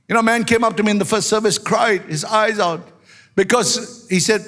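An animated man pastor preaching a story-filled sermon and rising to shouts at its peaks. His voice sits fairly high for a man. A long reverb from the church hall trails behind every phrase. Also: a little fast.

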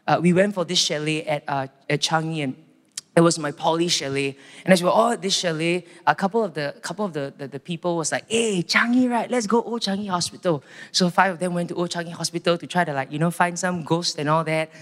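A man's voice: on the high side, a little fast, a bit bright. A man with a Singaporean English accent giving a sermon testimony, telling his story with animation and acting out the voices. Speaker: preacher. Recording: long hall reverb.

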